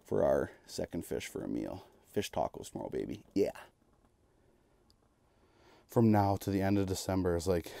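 With a deep voice and no echo in the recording, a man ice fishing from a shelter on a frozen lake keeps up an excitable running commentary for his vlog. He cheers in bursts and repeats his exclamations.

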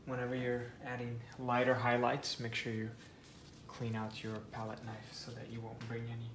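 A man teaching a step-by-step painting tutorial, talking softly and half-whispering as he works. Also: medium pitch, monotone, moderate pace, reverberant, slight background noise. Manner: soft, half-whispered guidance while painting. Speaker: painting instructor.

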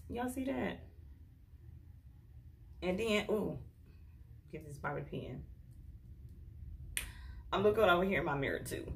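A woman with a drawl talks through a hair tutorial in a loose, chatty way. She sounds fed up and addresses her viewers directly as she works. Her pitch sits in an ordinary middle range. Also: a bit bright, a little hiss or hum. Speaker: beauty vlogger. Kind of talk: casual hair tutorial chat.

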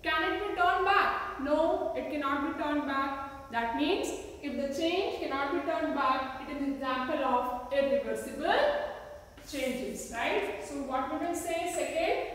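Slow echoey teacher with an Indian English accent. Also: female voice, sits high, fairly bright tone, a little hiss or hum. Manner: slow, patient, asks the class many rhetorical questions. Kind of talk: classroom science lesson with demonstrations. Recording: echoey room, recorded from a distance.

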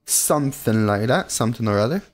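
Streaming a card game, a man with a medium-pitched, expressive voice talks fairly quickly. He's casual and chatty, reading viewer messages aloud and responding to them between plays.

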